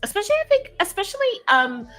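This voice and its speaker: A woman's voice: very high voice, fast talker, soft background music. A woman hosting a podcast, talking casually and emphatically, often repeating her words. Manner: animated, emphatic, repeats herself. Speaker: podcast host. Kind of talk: casual solo talk on a livestreamed podcast.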